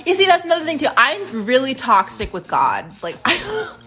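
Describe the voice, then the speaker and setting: A woman hosting a solo podcast in a casual, rambling monologue, swearing freely and tripping over repeated words. Her voice is fairly high and bright, swinging widely in pitch. Faint music plays underneath. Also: wildly swooping pitch, normal speed, poor audio. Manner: profane, rambling, stuttering repeats. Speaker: podcast host.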